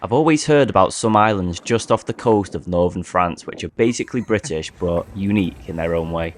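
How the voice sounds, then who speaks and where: A man narrating a travel vlog and talking to camera while hiking outdoors, in a relaxed, chatty and enthusiastic way. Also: deep voice, fairly quick. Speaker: hiking vlogger. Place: outdoors on a coastal hike.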